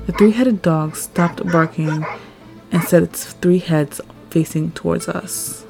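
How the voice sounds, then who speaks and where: A woman reading a first-person story aloud, expressive and rising at tense moments. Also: on the low side, a little slow, gravelly. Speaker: story narrator. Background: faint background music.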